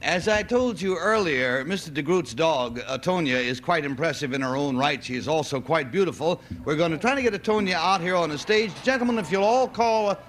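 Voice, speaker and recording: A man's voice: a little high, a little fast, hardly any pauses, a bit bright. A man hosting a game show in a TV studio, with a polished, genial announcing manner. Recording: old TV broadcast with studio audience noise.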